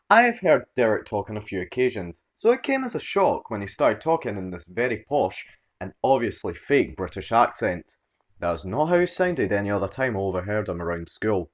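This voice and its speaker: A man reading a story aloud as its narrator, in an expressive storytelling manner. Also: fairly low pitch. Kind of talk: scripted narration.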